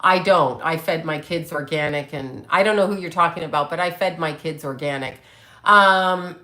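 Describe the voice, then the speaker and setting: A woman in her late fifties talks straight to her livestream viewers, blunt, brash and quick to swear at commenters. Her voice is bright and forceful, sitting a little low for a woman. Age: 50s. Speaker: psychic medium livestream host. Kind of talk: casual livestream chat reading comments.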